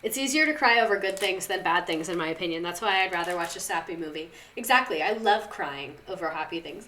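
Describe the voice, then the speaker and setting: A woman's voice: on the low side, animated, fast talker, few pauses, sharp tone, a little hiss or hum. A young woman hosting a casual livestream, chatty and rambling as she reads viewer stories and talks back to the chat. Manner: chatty, rambling, lots of "like" and laughs.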